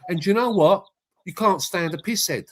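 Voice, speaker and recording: A man hosting a casual online chat in a notably high voice. He talks bluntly and full of slang, often lecturing the others. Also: moderate pace. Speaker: host of live stream chat.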